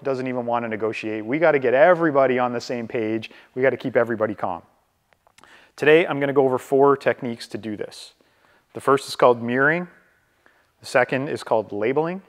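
A Canadian man giving a live real estate training over a video call. He talks conversationally, keeps asking "right?", and slows down on purpose to model calm. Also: mid-range voice, long reverb tail.

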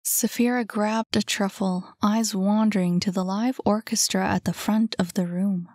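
A woman narrating a novel aloud in a soft, calm voice. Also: mid-range voice, no room sound, studio quality. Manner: soft, calm, unhurried reading. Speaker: audiobook narrator. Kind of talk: scripted narration.

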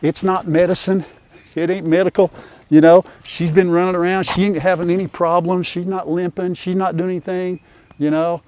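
A man's voice: sits high, level tone, moderate pace, a little mellow, no echo. An older man, chatting casually in a farm vlog and talking to his animals in a folksy way. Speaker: farmer and vlogger. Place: outdoors on a farm.

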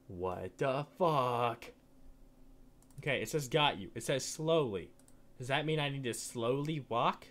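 A young man giving horror game commentary, jumpy and swearing a lot, shouting when startled. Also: mid-range voice, expressive, normal speed. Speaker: gaming channel host.

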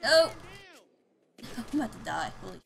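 A woman streaming a video game, chatting casually, loud and excitable, swearing and laughing often. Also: a little high, moderate pace, vocal fry. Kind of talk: casual gaming stream chat. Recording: faint background noise.

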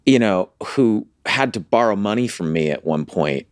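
A man's voice: lowish voice, animated, moderate pace, clear, resonant tone, no room sound, studio quality. A man co-hosting a podcast in casual chat, playful and riffing on jokes. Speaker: podcast co-host.

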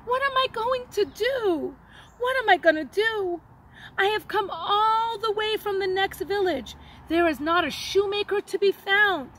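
A woman voicing a desperate barefoot village man who pleads in a high, tearful voice. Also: expressive, normal speed, a bit bright.

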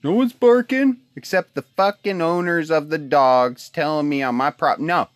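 A man's voice: a little high, moderate pace, a bit bright, no echo. Alaskan man ranting, swearing nonstop. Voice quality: heated, swears constantly, repeats himself. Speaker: husband sending a video message. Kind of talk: profane venting rant. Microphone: phone video message.

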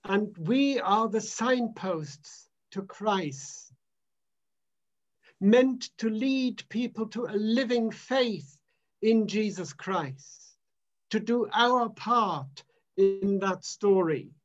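A man minister preaching a sermon in an emphatic, measured way, repeating phrases for weight. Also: sits high, animated, highs cut off.

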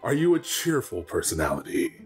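A man co-hosts a let's play, needling his partner in a teasing, animated way while he reads the game's questions aloud. His pitch swings widely, and soft music hums in the background. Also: brisk. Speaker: co-host of a let's play channel. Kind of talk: casual gameplay chat, reading game text aloud.

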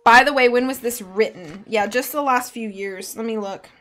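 A woman's voice: a little high, moderate pace. Woman reading a storybook on a stream. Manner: lively, chatty with viewers. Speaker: streamer reading a book aloud.

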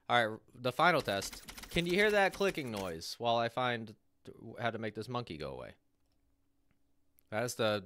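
A man's voice: mid-range voice, fairly bright tone, dry recording. A man live-streaming a game, cheerfully greeting viewers in chat by name while fiddling with his setup.

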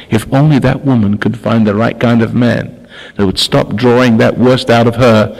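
An older man, a spiritual teacher, gives a talk in a lowish, creaky voice with a darkish tone. He often stops, restarts and repeats words, and the recording carries a long hall reverb.

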